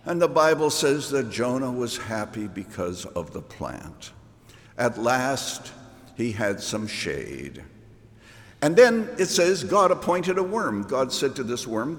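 Slow, lively male preacher in a hall. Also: mid-range voice. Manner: storytelling, stretches key words slowly for emphasis. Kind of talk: sermon. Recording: reverberant hall.

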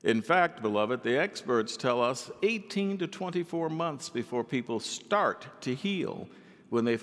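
A male pastor preaching a sermon in an animated way, acting out the people he quotes. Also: medium pitch, long reverb tail.

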